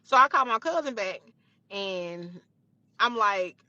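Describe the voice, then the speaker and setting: A young woman recounts a story from her own life in a bright, forceful voice. She talks emphatically, swears freely and circles back over the same phrases. The recording is dry and a little dull. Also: medium pitch, lively intonation, slow pace, no room sound. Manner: emphatic, profane, repeats phrases. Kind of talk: storytime retelling.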